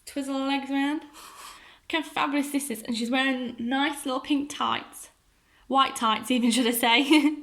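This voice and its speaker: A woman narrates a toy unboxing, gushing over every detail and chatting straight to her viewers. Her voice is bright and lifted, sitting a little high. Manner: gushing and enthusiastic, talks to viewers.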